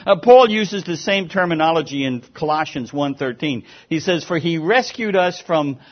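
A man's voice: a little high, animated, moderate pace, lo-fi sound. A man preaching a sermon as pastor, earnest and emphatic, sometimes stumbling over repeated words.

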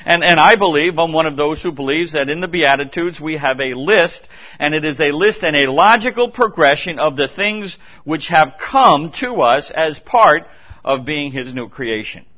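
A man's voice: a little high, animated, normal speed. A man preaching a sermon in a church, earnest and emphatic, repeating his key points and restarting phrases as he goes. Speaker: pastor. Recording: dull lo-fi recording.

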